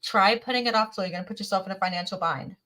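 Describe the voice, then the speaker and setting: A woman's voice: medium pitch, very fast, bright, forceful tone, low-quality recording. A middle-aged woman chatting casually as she gives a tarot reading on a livestream, folksy and exclamatory. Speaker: tarot reader.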